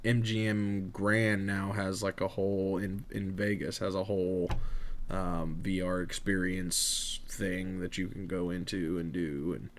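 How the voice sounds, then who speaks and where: A man's voice: deep voice, little pitch movement, a little slow, slight background noise. Laid-back swearing man rambling. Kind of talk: casual podcast chat.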